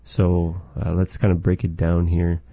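A man teaching a language lesson, slowly and patiently repeating words for a learner. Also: low-pitched, completely flat delivery, dark tone, rough recording.

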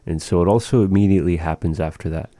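A man's voice: sits low, fast talker, dark tone, no room sound. A man teaching a language lesson, speaking patiently and repeating words for practice.

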